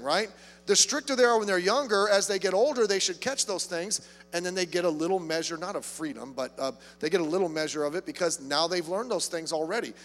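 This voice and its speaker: Emphatic preacher man, high voice. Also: fairly bright tone, long reverb tail. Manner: emphatic, repeats words when starting phrases. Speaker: pastor. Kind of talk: sermon.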